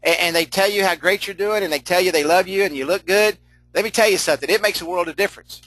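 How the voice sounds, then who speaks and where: A man's voice: high voice, quick pace, a bit bright, no echo, low-quality recording. A middle-aged man leading a live online training session, folksy and chatty, laughing often, repeating himself and answering chat comments as he goes.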